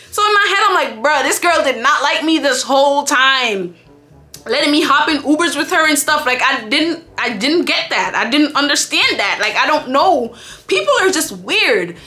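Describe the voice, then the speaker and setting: A woman's voice: high voice, bright, forceful tone. A woman from Jamaica telling a story time to her vlog, chatty, candid and profane. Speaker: vlogger.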